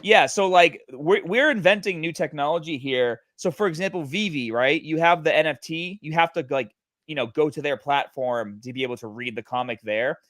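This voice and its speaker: A man in casual livestream chat, pitching his project with many fillers and restarts. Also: moderate pace, fairly bright tone, no room sound. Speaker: guest, NFT project creator.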